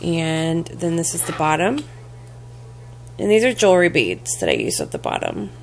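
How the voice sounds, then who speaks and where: A woman with a fairly low voice walks through a homemade craft project for the camera. She talks casually and haltingly, full of ums, restarts and little apologies as she handles her pieces. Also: wildly swooping pitch, a little hiss or hum. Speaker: crafting vlogger. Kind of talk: casual show-and-tell craft demo.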